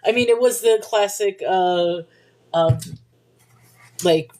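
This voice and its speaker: A woman's voice: mid-range voice, slow pace, warm tone. A woman hosting a livestream, talking casually about faith and reading viewer comments, chatty and thinking aloud with restarts and little laughs.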